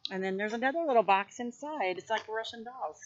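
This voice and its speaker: A mid-pitched voice, neither high nor low, that gushes about oracle decks in a loose, rambling show-and-tell. The talk is full of "um"s, restarts and repeated words. The recording is a little dull and lo-fi. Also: brisk. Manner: gushing, rambling, many fillers and restarts. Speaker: oracle card collector showing decks. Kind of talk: casual show-and-tell vlog.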